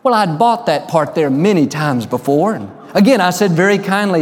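Man preaching with slow, emphatic storytelling. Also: sits high, animated, long reverb tail. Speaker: pastor. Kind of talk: sermon.

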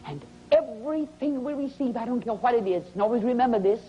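A woman preacher delivering a sermon in a slow, dramatic way, often dropping into a whisper for effect. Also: on the high side, animated, warm tone. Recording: dull lo-fi recording with faint hiss.

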